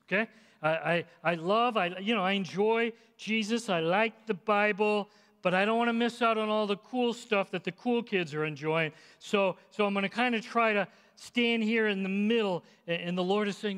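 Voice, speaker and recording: A man preaching a sermon, impassioned, swelling and then dropping to a hush. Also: sits high, normal speed. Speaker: pastor. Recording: long reverb in a large hall.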